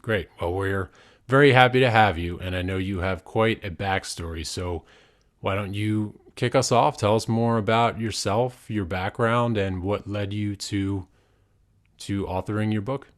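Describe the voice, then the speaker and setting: A man's voice: fairly low pitch, unhurried. Polished male podcast host. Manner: polished, reads a prepared intro. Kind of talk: scripted show intro and interview questions.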